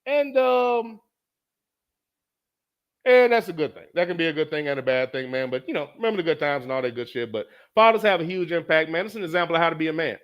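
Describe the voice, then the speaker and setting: A man hosting his own show, telling a story in a casual, animated way, swearing often and repeating lines for emphasis. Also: a little high, quick pace, highs cut off. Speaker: podcast host.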